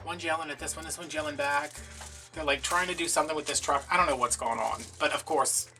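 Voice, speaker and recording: A man's voice: fairly high pitch, fast talker, pushed and bright, far from the mic, soft background music. A man from Louisiana, chatting through a rambling, sarcastic story in a casual vlog. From Louisiana, USA. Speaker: crafting vlogger.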